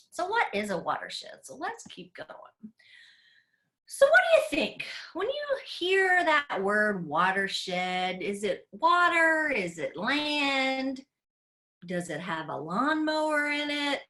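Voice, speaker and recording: A woman's voice: a little high, bright, forceful tone. A woman from Tennessee hosting a live online class for children as an aquarium educator. She is playful and enthusiastic and talks straight to the kids over a computer mic.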